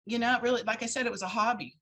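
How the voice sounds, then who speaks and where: A woman guest telling her story in a casual interview, lively and acting out the voices of people she quotes. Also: a little high, very fast, poor audio. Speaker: guest, founder of a charity for women in crisis.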